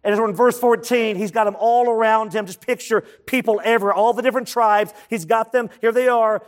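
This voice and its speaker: High-voiced preaching man. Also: steady tone, a little fast. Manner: preacherly, emphatic, asks the congregation questions. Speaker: pastor. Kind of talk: sermon.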